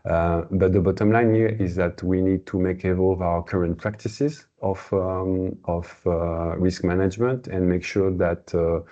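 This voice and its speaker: A very low-pitched man presents a webinar, his tone dark and mellow. He hesitates often, filling gaps with "uh" and restarting phrases. The audio is slightly dull and lo-fi, like a call over a computer mic. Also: fairly even intonation, a little slow, few pauses. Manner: hesitant, many fillers and restarts. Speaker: webinar host.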